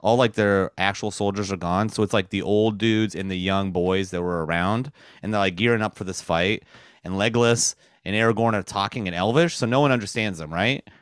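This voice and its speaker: A lower-voiced man chatting on a podcast, laughing easily while he retells scenes in a joking way. His voice sits somewhat low, recorded dry and close with no room echo. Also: brisk, clean tone. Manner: laughs often, jokey retelling of film scenes. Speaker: podcast co-host. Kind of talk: casual comedic chat.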